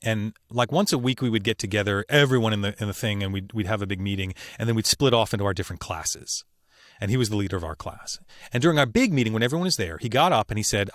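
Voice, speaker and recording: A man who works as a voice actor, telling personal stories as a podcast guest in an earnest, emphatic way with slow, weighty pauses. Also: lowish voice, fairly bright tone, no echo, clean studio sound. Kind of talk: reflective interview storytelling.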